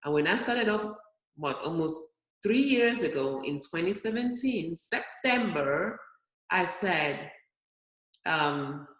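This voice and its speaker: This early-50s physician and weight loss guest tells stories in an interview with plenty of energy, even acting out her inner voice. Her mid-range voice is animated yet unhurried, and the recording carries a roomy echo.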